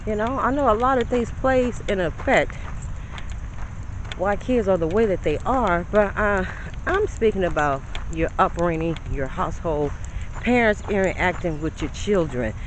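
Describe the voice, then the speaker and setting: Chatty, animated middle-aged woman vlogging. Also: mid-range voice, moderate pace, a little hiss or hum, rough recording. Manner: chatty and animated, lecturing, calls viewers honey. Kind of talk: casual vlog talk. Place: in a car, parking. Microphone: phone camera.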